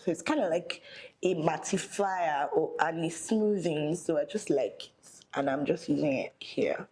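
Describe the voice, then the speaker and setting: Casting: young woman, low voice, chatty get-ready-with-me makeup vlogger. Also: measured pace, mellow, low-quality recording. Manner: chatty, thinking aloud while applying makeup. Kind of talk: casual get-ready-with-me chat.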